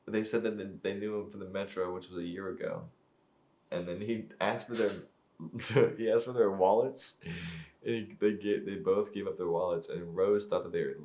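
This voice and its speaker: A man giving casual, profane commentary as he reacts to a TV episode, mocking the script and laughing often. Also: lowish voice. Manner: laughs often while talking. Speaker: show reaction YouTuber.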